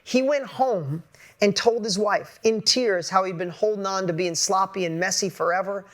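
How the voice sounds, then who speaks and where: A man giving a blunt, energetic motivational talk to an audience as a business coach, casual and swearing freely. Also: high voice, moderate pace.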